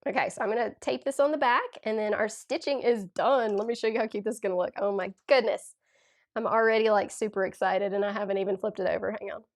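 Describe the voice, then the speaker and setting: A woman's voice: medium pitch, fairly even intonation, fast talker. Southern Tennessee woman, forties, with a cold, hosting a crafting livestream, gushy and chatty, reads out comments. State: has a cold. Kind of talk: casual livestream chat while demonstrating card making.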